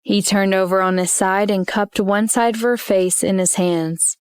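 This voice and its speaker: A woman narrating an audiobook in an even, steady reading voice. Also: mid-range voice, unhurried, clean tone, no room sound, clean studio sound. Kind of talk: scripted narration.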